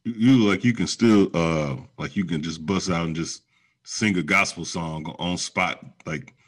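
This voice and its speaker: A man in his thirties co-hosting a podcast, blunt and casual, asking questions in halting bits. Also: deep voice. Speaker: podcast co-host. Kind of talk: casual chat.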